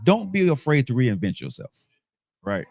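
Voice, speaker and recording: A man's voice: mid-range voice, wildly swooping pitch, moderate pace, vocal fry, darkish tone, husky, no room sound. A man in his fifties hosting a livestream talk show, upbeat and motivational, ending his lines with "right?". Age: 50s. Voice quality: bald-headed. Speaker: host.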